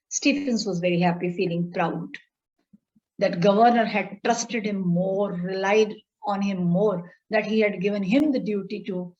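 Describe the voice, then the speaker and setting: This is a woman teacher with an Indian English accent whose voice is on the high side with a darkish tone. Teaching online, she reads a story aloud, slowly paraphrases each passage, explains it line by line, and asks her students questions. The recording sounds dull and lo-fi.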